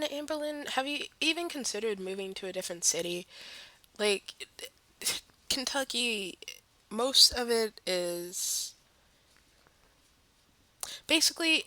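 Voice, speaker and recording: A woman hosting a reaction video, pausing clips to give critical, rambling commentary with some hesitation. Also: medium pitch, pushed and bright, no room sound, low-quality recording. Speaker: reaction channel host.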